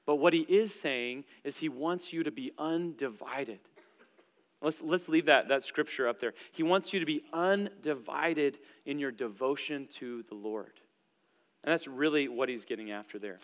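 A young adult man preaching a sermon in a relaxed, conversational way, with plenty of filler words. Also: a little high, moderate pace. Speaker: pastor. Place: church auditorium stage. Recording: long reverb from a large hall.

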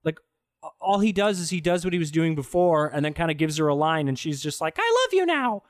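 A man's voice: on the high side, level tone, fast, no room sound, studio quality. A man co-hosting a casual movie review podcast, rambling, sarcastic and swearing freely. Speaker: podcast co-host.

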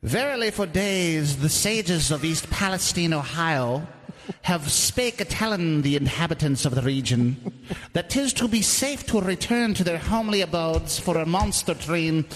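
A man's voice: on the high side, expressive, a little slow, big-room sound, slight background noise, rough recording. A man putting on the voice of a pompous sixteenth-century storyteller, with a theatrical sing-song delivery. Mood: grandiose.

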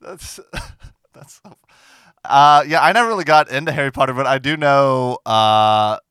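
A man co-hosting a comedy podcast in casual chat, teasing with deadpan jokes. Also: medium pitch, a little slow, smooth, dry recording, studio quality.

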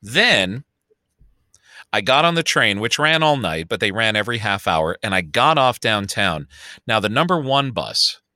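Bright-voiced man with a Chicago accent. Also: lowish voice, a little slow, no room sound, clean studio sound. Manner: storytelling, animated, swears freely. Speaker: podcast co-host. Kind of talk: casual chat.

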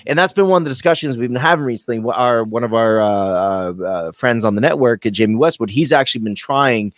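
A man's voice: mid-range voice, expressive, fast, no echo, clean studio sound. A man with an American accent, rambling and swearing his way through casual podcast banter as co-host. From United States. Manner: rambling, crude and joking.

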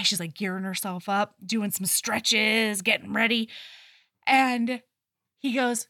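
A woman's voice: medium pitch, steady tone, slow, pushed and bright, dry recording, studio quality. A woman co-hosting a casual book podcast, animatedly retelling scenes and acting out characters' lines. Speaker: podcast co-host. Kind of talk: casual book-club chat.

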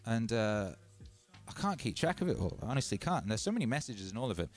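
A man hosting a DJ livestream, chatting casually and rambling between shout-outs to his viewers. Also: medium pitch, big pitch swings, fast. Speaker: DJ and livestream host. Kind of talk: casual livestream chat over music. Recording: loud music playing under the voice.

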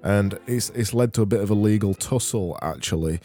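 Dry rambling man, low voice. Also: fairly quick, warm tone, soft background music. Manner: dry, rambling, self-mocking. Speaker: podcast host. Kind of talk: comedic podcast monologue reading listener messages.

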